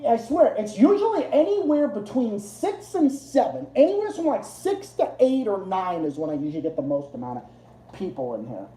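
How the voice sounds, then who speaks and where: A man's voice: sits high, very animated, moderate pace, dark tone. A man hosting a casual livestream, rambling and swearing, often laughing at his own jokes. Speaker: livestream host. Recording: roomy echo.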